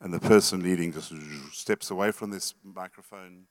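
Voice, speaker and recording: A man's voice: sits low, steady tone, normal speed. A middle-aged man, a pastor, preaching to a church meeting in an emphatic, conversational way, often repeating words and asking the room questions. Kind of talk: sermon teaching.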